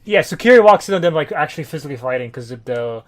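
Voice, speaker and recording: Male podcast co-host, quick and animated recap, higher pitch. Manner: animated retelling with shouted quotes. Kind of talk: casual chat.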